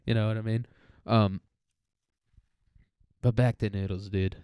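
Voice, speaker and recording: A young man rambles through a solo podcast in a crude, easygoing way, often breaking into laughter. His voice is mellow, smooth and warm. The recording is close and dry, and he sounds a little tired. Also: on the low side, steady tone, measured pace, no room sound. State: mentally tired. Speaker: student podcaster. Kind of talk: casual solo podcast monologue.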